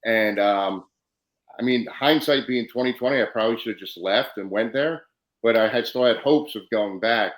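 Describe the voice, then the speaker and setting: A man's voice: fairly low pitch, normal speed, echoey room, rough recording. A man hosting a casual podcast interview, telling stories animatedly and acting out the exchanges he quotes. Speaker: podcast host, former wrestler.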